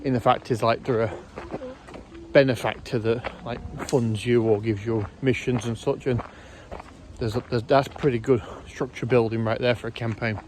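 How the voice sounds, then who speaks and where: Male vlogger, medium voice, hesitant and self-correcting, chatting casually outdoors with soft background ambience. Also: medium pitch, steady tone, normal speed, noisy background. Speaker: YouTube host. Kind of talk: casual rambling commentary.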